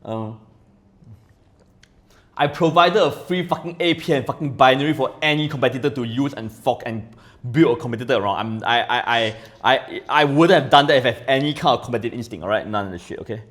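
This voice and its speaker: A man talking as a podcast guest in casual chat. He rambles, swears often and keeps asking "right?", swinging between loud and quiet. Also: mid-range voice, a little fast.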